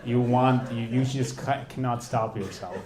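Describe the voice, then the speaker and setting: A young man doing stand-up comedy, teasing the crowd in quick banter. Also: medium pitch. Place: comedy club stage. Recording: echoey club with loud audience noise. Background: audience laughter.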